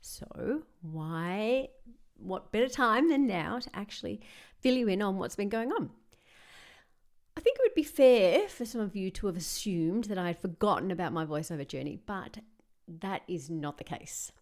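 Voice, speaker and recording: A woman's voice: mid-range voice, sing-song, normal speed, darkish tone. A woman hosting her own podcast and giving a candid, chatty, self-reflective update in a casual solo talk. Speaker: podcast host and voice-over artist.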